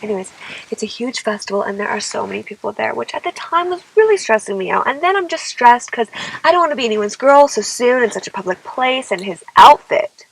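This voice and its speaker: A woman's voice: on the high side, animated, a little fast, vocal fry, fairly bright tone, breathy edge, rough recording. A young woman singer telling a personal story in a dramatic, exasperated way, often saying "like" and "okay?". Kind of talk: confessional storytelling vlog.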